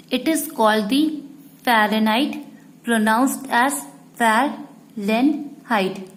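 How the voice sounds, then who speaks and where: A woman teacher, explaining a lesson to students slowly and repeating each point. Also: a little high, rough recording. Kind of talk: slow classroom explanation.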